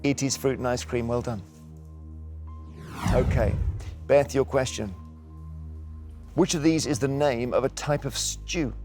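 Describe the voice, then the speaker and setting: A man's voice: medium pitch, a little slow, long pauses, over music. A man hosting a quiz show in a TV studio, upbeat and teasing as he reads out questions.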